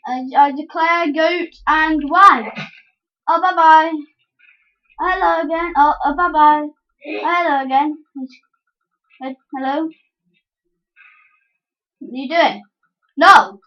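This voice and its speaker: A woman commentating a game in a casual let's-play, excitable, with yelps and giggly outbursts. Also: high-pitched, slow, pauses often, lo-fi sound. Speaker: gameplay commentator.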